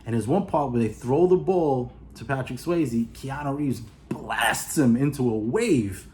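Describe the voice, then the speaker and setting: Here a medium-pitched, slightly mellow male voice casually walks through a movie plot for a video review. Rambling and full of "uh" and "you know," he performs the characters' lines in quick asides.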